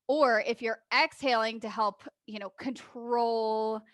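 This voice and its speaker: A woman's voice: on the high side, fairly bright tone, dry recording. A woman co-hosting a casual health podcast, agreeable and chatty, often backing up her partner. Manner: agreeable, backchannels, laughs often. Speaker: podcast co-host.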